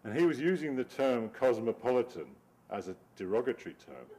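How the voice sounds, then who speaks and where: A man's voice: mid-range voice, big pitch swings, brisk, dark tone, slightly rough. A middle-aged man, a cartoonist giving a wry, digressive talk over his slides and laughing often. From Britain.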